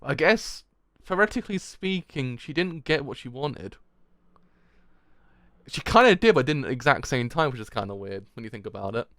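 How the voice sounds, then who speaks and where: Excitable young man with a lively voice. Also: mid-range voice, moderate pace, no room sound, studio quality. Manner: excitable, swears a lot, laughs often. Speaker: manga reaction channel host. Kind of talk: live reaction and review.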